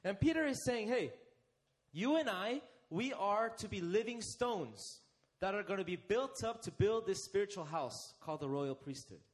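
A young man preaching a sermon, asking his listeners questions and slowing down to stress key phrases. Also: high voice, animated. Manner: interactive, asks the congregation questions and leads them.

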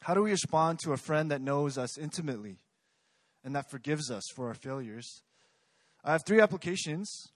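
A man's voice: on the high side, animated, normal speed, dry recording. A young man preaching a sermon in a conversational way, often asking the congregation questions. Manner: conversational, asks the audience questions.

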